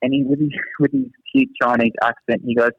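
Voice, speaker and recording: A man's voice: medium pitch, flat delivery, fast, breathy edge, dry recording. A young man, a teacher, chatting and telling funny anecdotes in a rambling way and laughing at himself. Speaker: teacher, guest. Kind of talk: casual chat, anecdotes. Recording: slightly dull lo-fi sound.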